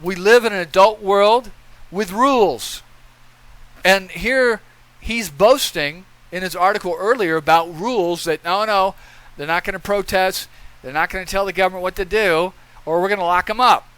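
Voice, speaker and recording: A man's voice: sits high, moderate pace, fairly bright tone, clear, resonant tone, no echo, low-quality recording. A man giving opinion commentary in a blunt, profane rant, lecturing and repeating his points.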